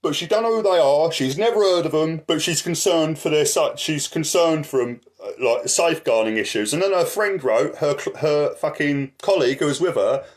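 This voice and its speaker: Speaking at a moderate pace in a slightly high voice, an activist vlogger vents angrily. He swears constantly and keeps checking in with "right?" You can hear him shuffling papers, and his voice drifts off the microphone.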